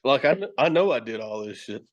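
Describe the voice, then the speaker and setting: A man's voice: mid-range voice, animated, fairly quick, a crowd in the background. A man with a Tennessee accent, a horror host and actor, swearing and laughing as he tells stories in a casual podcast chat. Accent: Southern US, Tennessee. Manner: loud, profane storytelling, laughing often.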